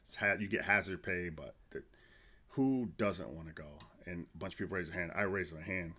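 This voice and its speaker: Brief: low-voiced man in his 40s, army veteran guest, swears freely while spinning casual podcast stories. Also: a little fast, sharp tone, slightly rough. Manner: loose, profane storytelling with restarts. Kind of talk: casual storytelling podcast chat.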